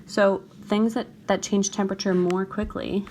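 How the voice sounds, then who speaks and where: A woman teacher with a medium-pitched, slightly mellow voice talks through a chemistry problem at a moderate pace and level tone, often checking in with her students. It's a recorded screencast lecture; her voice is a bit gravelly, like a morning voice, with slight background noise.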